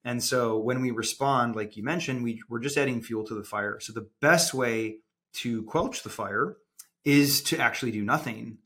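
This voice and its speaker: A man who works as a transformation coach, answering interview questions calmly in a measured way. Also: mid-range voice, slightly rough.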